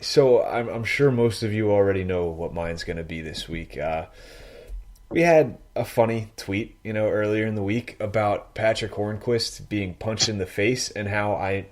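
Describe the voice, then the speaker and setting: A man co-hosting a casual sports podcast, telling stories in an animated, teasing way. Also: fairly low pitch. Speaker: podcast co-host.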